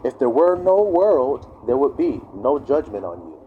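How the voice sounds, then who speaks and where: Animated man preaching casually. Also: mid-range voice, measured pace, narrow, tinny audio, background noise. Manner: animated, acts out quoted voices. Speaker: online preacher.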